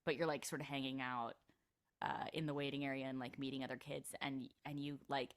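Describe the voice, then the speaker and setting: A young adult actress chatting casually as an interview guest, with plenty of "like" fillers. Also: female voice, extremely low pitch, flat delivery, fairly quick.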